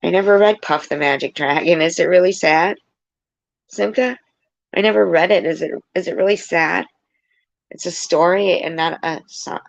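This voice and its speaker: A sentimental woman rambles through a casual vlog, stopping often to explain herself. Her voice has a gravelly, fried texture. The sound is dull and dry, with no room echo. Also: lowish voice, moderate pace. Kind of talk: casual vlog, reading a children's book aloud.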